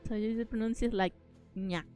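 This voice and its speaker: A woman whose first language is Spanish, chatting casually as a streamer host in a soft, giggly way. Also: medium pitch, moderate pace, muffled recording, faint music behind. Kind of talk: casual chat.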